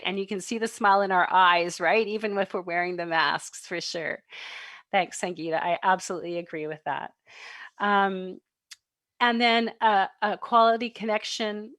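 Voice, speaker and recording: A woman's voice: medium pitch, moderate pace, no room sound. A middle-aged woman giving an online parenting talk, telling personal stories with laughter and acted-out quotes. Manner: animated, laughs and acts out quoted voices. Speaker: parenting workshop presenter. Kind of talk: warm storytelling talk to an online audience. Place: home, online livestream. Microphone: computer mic on a video stream.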